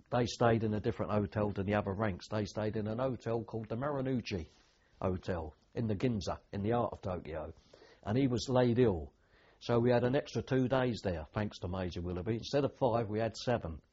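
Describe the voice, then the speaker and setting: A man's voice: on the low side, darkish tone, breathy edge, muffled recording. An older man, a veteran telling rambling anecdotes with dry humour in an oral history interview.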